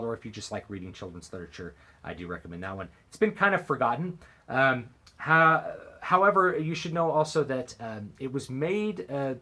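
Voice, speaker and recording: A man with a mid-range, slightly bright voice talks casually to camera in a book-recommendation vlog. He's an author and book vlogger, and his speech is hesitant, full of fillers and restarts.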